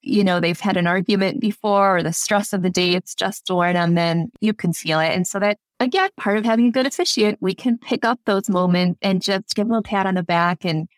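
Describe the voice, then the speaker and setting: A woman's voice: medium pitch, a little fast, hardly any pauses, no room sound. A woman wedding officiant, a podcast guest, telling stories in casual chat and laughing often. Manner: warm storyteller, laughs often.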